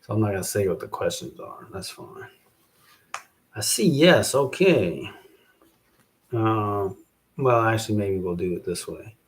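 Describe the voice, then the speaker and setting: A man hosting a show, thinking aloud in a halting, musing way as he works out verses, repeating phrases to himself. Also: expressive. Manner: slow, low-key, self-questioning. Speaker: podcast host writing rhymes. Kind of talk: casual thinking aloud while writing verses.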